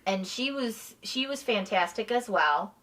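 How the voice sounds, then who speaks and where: A woman's voice: mid-range voice, lively intonation, a little slow, fairly bright tone, recorded from a distance. A woman chatting casually about a haunted attraction, agreeing often and restarting sentences. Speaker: haunted house reviewer. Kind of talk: casual review chat.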